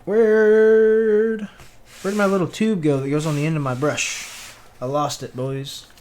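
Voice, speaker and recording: Slight background noise accompanies this man's a-little-high, animated voice at a normal speed. He's a Southern-accented Tennessean who works during a livestream, greeting viewers casually, muttering, and humming in an easygoing way.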